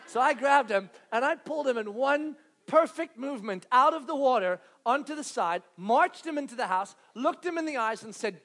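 A man in his thirties, a pastor telling a family story in a sermon, acting out scenes with loud animated bursts. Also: extremely high pitch, moderate pace.

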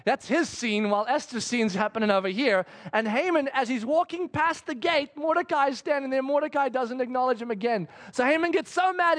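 High-voiced preacher telling a lively story. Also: male voice, fairly quick. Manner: animated, humorous storyteller. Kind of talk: sermon with dramatized storytelling.

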